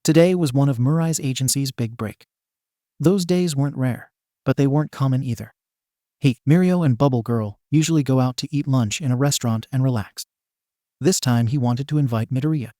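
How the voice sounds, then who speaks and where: Guy reading fan fiction out loud, steady, dark mellow voice, dry close mic. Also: medium pitch, a little fast, no room sound. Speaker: narrator.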